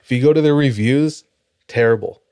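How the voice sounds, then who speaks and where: A man's voice: medium pitch, fairly quick, darkish tone, smooth. A man co-hosting a podcast, telling stories in casual chat and laughing often. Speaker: podcast co-host.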